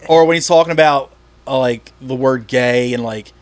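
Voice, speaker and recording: A man from the Philadelphia area with a Philly accent, chatting casually as a podcast host, animated and swearing freely. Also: medium pitch, moderate pace, no room sound. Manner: animated, swearing, acts out quoted bits. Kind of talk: casual chat.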